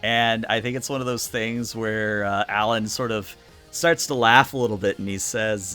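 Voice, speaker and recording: A man's voice: fairly low pitch, moderate pace, soft background music. Man running a tabletop game. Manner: relaxed, rambling narration with fillers. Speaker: game master.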